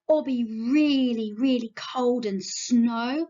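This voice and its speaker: Captured on lo-fi home video in a church, a children's church leader with an English accent teaches little ones a Bible lesson. Her high-pitched voice is animated, slow and playful, coaxing the kids to take part.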